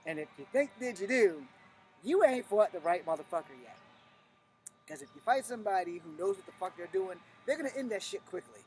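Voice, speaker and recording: A man's voice: high-pitched, expressive, fairly quick, darkish tone, soft background music. A middle-aged man, a martial arts instructor, giving a blunt, profane, emphatic teaching talk on a live stream.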